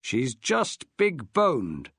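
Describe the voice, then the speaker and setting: A man voicing a jovial, wry middle-aged schoolteacher in an audiobook, hearty and booming. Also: wildly swooping pitch, drawn-out words, fairly bright tone, husky, dry recording, studio quality, heavily acted. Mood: teasing.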